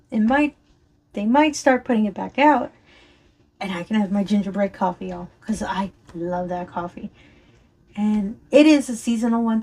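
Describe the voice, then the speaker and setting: A woman chatting casually and rambling while she works on a craft, her voice a little strained from allergies, often apologizing and laughing. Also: mid-range voice. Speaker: crafting vlogger. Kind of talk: casual chat while diamond painting.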